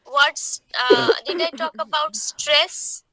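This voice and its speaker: A woman teacher explains at a slow, deliberate pace, often asking her class questions. Her voice is high and very bright. She coughs often, and the sound is dry and close. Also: no echo, rough recording. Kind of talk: online lecture.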